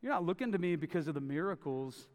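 Guy preaching, pretty high voice, big echoey hall, keeps repeating stuff for emphasis. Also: expressive, quick pace, darkish tone. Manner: emphatic, repeats phrases for stress. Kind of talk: sermon. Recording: long reverb of a large hall.

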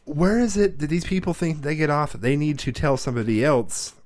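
A man in his thirties, a podcast co-host, telling rowdy, profane stories and shouting when he acts out scenes. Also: a little high, fairly quick, no room sound. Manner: profane, animated storyteller who shouts when reenacting. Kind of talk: casual chat.

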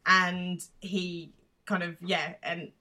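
A woman co-hosts a podcast and chats in an amused, easygoing way. She often stops to explain local references. Her voice sits slightly low for a woman. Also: level tone, slow, pushed and bright. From Britain. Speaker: podcast co-host. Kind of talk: casual podcast recap chat.

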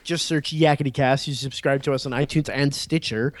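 A man's voice: mid-range voice, fairly even intonation, a little fast. A man hosting a casual podcast, joking and rambling with friends. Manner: joking, rambling, laughs often. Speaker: podcast host.

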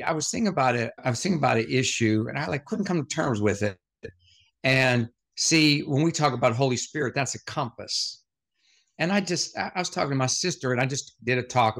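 A man's voice: mid-range voice, vocal fry, fairly bright tone. Punchy storytelling man, rhetorical questions. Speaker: motivational speaker. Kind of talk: podcast guest storytelling.

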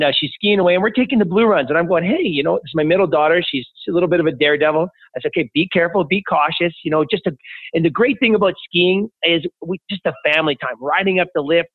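A man's voice: a little high, no room sound. Man on a tinny phone line. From Canada. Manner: enthusiastic anecdotal storyteller. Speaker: guest. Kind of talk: conversational interview.

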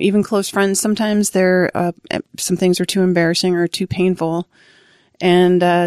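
A woman's voice: medium pitch, dry recording, studio quality. A woman sharing her first recovery meeting on a podcast, speaking reflectively with frequent small restarts. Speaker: Al-Anon member sharing her story.

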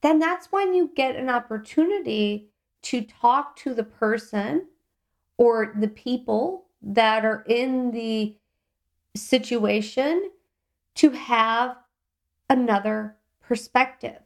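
A woman hosting a self-help podcast, talking in a calm, gently encouraging, reflective way. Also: a little high, slow. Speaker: podcast host.

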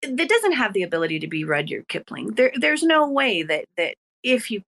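A woman's voice: a little high, big pitch swings, normal speed, a bit bright. A woman hosting a podcast on writing, encouraging and bubbly as she talks with her guests. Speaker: podcast host. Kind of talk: casual podcast chat about writing.

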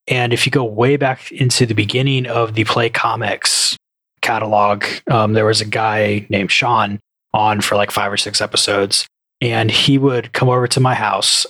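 A man's voice: mid-range voice, fairly bright tone, no echo. A man on a podcast, casually telling rambling anecdotes. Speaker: podcast co-host.

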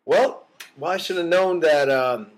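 A man's voice: a little high, a little slow, a little hiss or hum. A young man co-hosting a casual podcast, laughing easily and rambling through his points. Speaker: podcast co-host.

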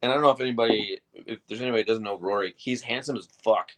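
Thirties male guest, low-pitched, animated profane storyteller. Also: rapid-fire. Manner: swearing, animated retelling with acted-out quotes. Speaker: guest telling stories. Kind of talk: casual storytelling.

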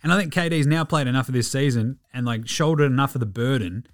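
An Australian man hosting a casual sports podcast, animated, jokey and swearing a lot. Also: mid-range voice, fast, soft background music. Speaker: podcast host.

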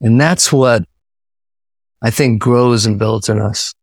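A man from New York talks through ideas in a relaxed, reflective way, often starting a phrase twice before he finds it. His voice sits at a middle pitch and is recorded close and dry, with no room around it. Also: slow, no room sound. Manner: reflective, many restarts and repetitions. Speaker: author, guest. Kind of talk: casual interview talk.

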